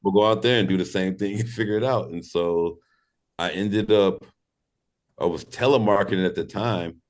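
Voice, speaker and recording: A man's voice: low-pitched, normal speed. A man from St. Louis, Missouri, a former pro skateboarder and podcast guest, telling stories in a laid-back, profane way and laughing through them. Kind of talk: casual storytelling interview.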